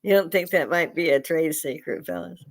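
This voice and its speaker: A woman's voice: deep voice, moderate pace, gravelly. A woman from the United States hosting a casual livestream, ranting bluntly and profanely and laughing often. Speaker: livestream host.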